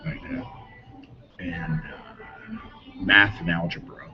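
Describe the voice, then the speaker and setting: Middle-aged man, low voice, rambling interview anecdotes with frequent chuckles. Dull lo-fi recording, music clearly behind him. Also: wildly swooping pitch, slow pace. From Denver, Colorado. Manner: rambling, chuckles often, trails off mid-sentence. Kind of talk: rambling casual storytelling.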